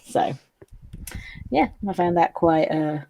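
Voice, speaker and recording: A woman's voice: fairly low pitch, expressive, takes it slowly, dark tone, dull audio. A woman co-hosting a casual anime review. She recaps the plot with a giggle and many fillers. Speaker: co-host.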